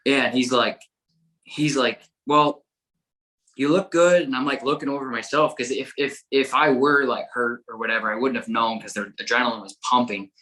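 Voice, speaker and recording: A man guest on a podcast who tells a story in a casual, excitable way, swearing often and tripping over repeated words. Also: mid-range voice, brisk, low-quality recording. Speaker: podcast guest, dog trainer.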